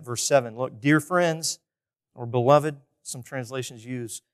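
A pastor preaches a sermon in a conversational style, frequently putting questions to the congregation and alternating between loud emphasis and quiet asides. His voice is mid-range, smooth, and fairly quick.

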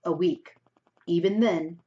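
A woman's voice: on the low side, dark tone. A woman reading as a stern older housekeeper. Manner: firm, measured, warning. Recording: dull lo-fi recording.

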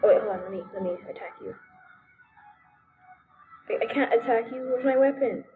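A young woman giving excitable, giggly commentary while playing a video game. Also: a little high, narrow, tinny audio, soft background music. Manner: giggly, excitable, quick outbursts. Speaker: gamer. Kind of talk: let's play commentary.

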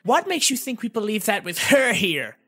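A man voicing a small female fairy companion in an audiobook, pitched high. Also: sing-song, moderate pace, sharp tone, slightly rough, full character voice. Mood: tense.

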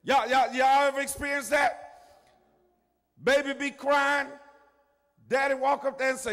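Older preacher, high voice, shouts and murmurs, long hall reverb. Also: male voice, steady tone, normal speed, gravelly. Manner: preaching, swinging from quiet asides to shouting. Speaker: pastor. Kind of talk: sermon. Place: church sanctuary.

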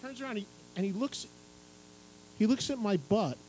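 At a public event on a radio station stage, a middle-aged radio and TV music host with a high voice tells a live audience an animated story during his book signing. He moves at a moderate pace, acts out other people's words and laughs throughout, over slight background noise on a low-quality recording.

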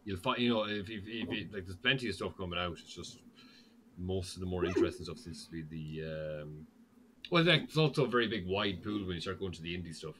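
A man's voice: deep voice, lively intonation, fast, background noise. A man co-hosting a podcast, rambling and loose, swearing freely. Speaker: podcast co-host. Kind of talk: casual chat.

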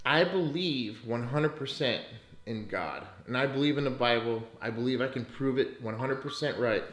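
A man's voice: medium pitch, normal speed, a bit bright. Blunt, cursing man in an echoey room. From United States. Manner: profane and blunt, rants in bursts. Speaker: podcast host. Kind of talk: casual money-advice podcast.

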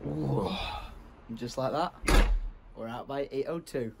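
A man's voice: mid-range voice, measured pace, creaky, loud music behind the voice. A young man chatting casually and jokily to camera for his vlog. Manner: chatty and jokey, teasing. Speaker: vlogger. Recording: noisy street and travel background.

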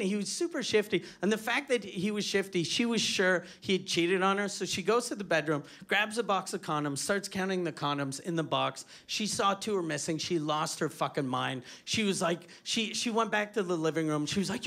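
A man's voice: high voice, moderate pace. A man from Quebec doing a crude, self-mocking stand-up comedy set on a club stage, telling a story with lots of profanity. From Quebec, Canada. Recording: live club with loud audience laughter. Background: audience laughing.

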